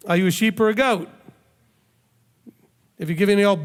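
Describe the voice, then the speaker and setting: This rabbi speaks in a high, clear, resonant voice, moving briskly but leaving long pauses. He leads his congregation through a conversational sermon, leaning on rhetorical questions and emphatic repetition. A long hall reverb colors the recording.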